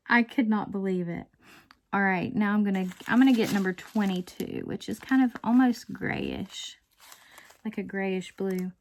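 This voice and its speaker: A woman casually rambling through a story as she works on a craft at home, breaking into chuckles now and then. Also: medium pitch. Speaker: diamond painting vlogger. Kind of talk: casual chat while crafting.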